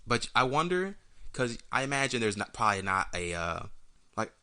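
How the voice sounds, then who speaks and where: A man's voice: mid-range voice, big pitch swings, moderate pace, pushed and bright, clean tone. A young man co-hosting a casual podcast, telling a funny story in a laid-back way with plenty of swearing. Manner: laid-back, swears, does silly voices in anecdotes. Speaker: podcast co-host.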